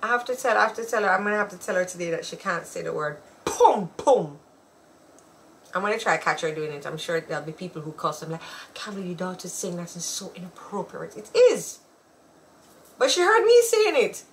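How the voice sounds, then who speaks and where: A woman's voice: medium pitch, very animated, brisk, slight background noise. A woman, co-hosting a casual chat show and telling stories with frequent laughter. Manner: chatty, laughing storyteller. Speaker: podcast co-host.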